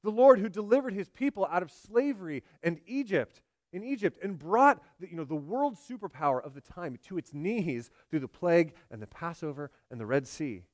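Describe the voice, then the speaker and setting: A man delivering a sermon in a somewhat high-pitched voice. The sound is dry and close, with no room around it. He swings between forceful emphasis and quiet, hushed passages. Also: animated, moderate pace, few pauses, no echo. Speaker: pastor.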